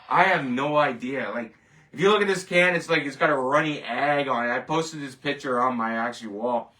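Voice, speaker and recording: A man's voice: mid-range voice, moderate pace, pushed and bright, slight background noise. A man hosting a casual rant show, rambling and emphatic, scoffing at each verdict. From Canada. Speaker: show host. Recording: voice distant from the mic.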